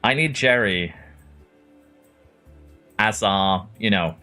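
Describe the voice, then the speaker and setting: Man from norway, low voice, casual game commentary, faint music behind. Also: slow, pushed and bright. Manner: chatty, answers viewers by name, chuckles often. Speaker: game streamer. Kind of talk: casual gameplay commentary reading chat.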